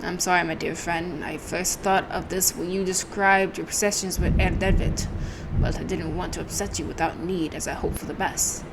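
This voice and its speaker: A woman voicing a formal male doctor, attempting a German accent in a measured, halting way. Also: lowish voice, steady tone, creaky, noisy background. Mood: grave.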